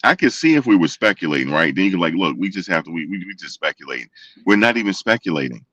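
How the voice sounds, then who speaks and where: Host type: low-voiced man, chatty and repetitive, dry close sound. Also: fast, no room sound, recorded from a distance. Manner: animated, repetitive storytelling with quoted voices. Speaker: show host. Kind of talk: casual commentary to viewers.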